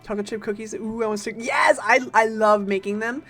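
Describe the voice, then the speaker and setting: A woman streaming a game, chatting casually and playfully with her viewers, greeting them and teasing them in quick bursts. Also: a little high, steady tone, fairly bright tone, soft background music.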